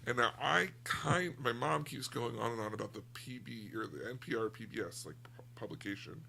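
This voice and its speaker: A man's voice: mid-range voice, brisk, creaky, pushed and bright, a little hiss or hum. An American man chatting candidly on a book podcast, rambling a little and restarting his sentences. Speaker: book club podcast co-host. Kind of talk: casual chat.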